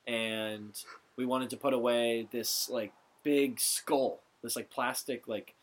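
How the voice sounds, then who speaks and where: A young man co-hosting a casual podcast, telling stories in an animated way, swearing casually and often laughing. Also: medium pitch, slow. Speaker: podcast co-host. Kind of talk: casual chat.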